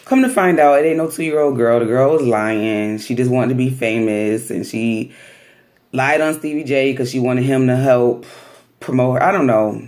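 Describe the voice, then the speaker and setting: With a rumbling low voice at normal speed, a woman vlogger casually recaps a reality TV episode. Her talk is slangy and animated, and she often acts out what people said.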